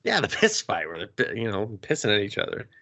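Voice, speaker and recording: A man co-hosting a movie review podcast, joking, swearing and acting out scenes in quick character voices. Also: fairly low pitch, huge pitch swings, gravelly, bright, forceful tone. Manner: profane, jokey, acts out characters with laughs. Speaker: podcast co-host. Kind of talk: casual movie review chat.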